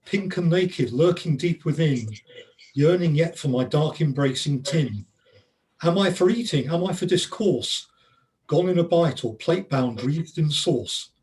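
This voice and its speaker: A man with a slightly raised pitch recites rhyming couplets over a video call. He keeps a steady, rhythmic beat through the verse. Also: a little slow, poor audio. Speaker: poet reading his poem. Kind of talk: poetry reading.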